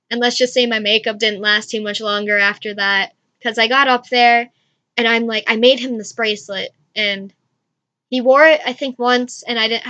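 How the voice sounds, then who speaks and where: A young woman vlogger tells a story in a gushing, rambling flow, scattering "like" through every sentence. Her voice sits fairly high and sounds bright and forward. The recording is dull and lo-fi, with a dry close sound. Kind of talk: casual storytelling to camera.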